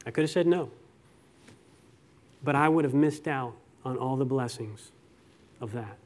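A middle-aged man with a fairly high voice preaches a conversational sermon as a pastor. He tells stories and poses rhetorical questions.

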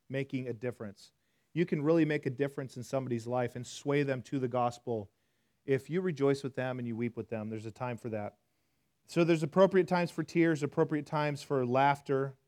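Conversational pastor preaching. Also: male voice, medium pitch. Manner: conversational, self-deprecating, swings from hushed to loud. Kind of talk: sermon. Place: church.

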